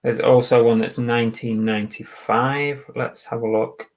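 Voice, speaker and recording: A man's voice: mid-range voice, flat delivery, normal speed, low-quality recording. An English man from the UK, chatting casually and bluntly on a live stream while listing items for resale and reading out viewers' comments. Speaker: eBay reseller livestreaming.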